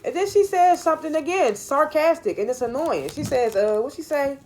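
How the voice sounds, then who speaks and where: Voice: sits high, animated, normal speed, slight background noise. Rambling, opinionated show reviewer. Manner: rambling, opinionated, often correcting themself. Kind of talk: casual recap and review.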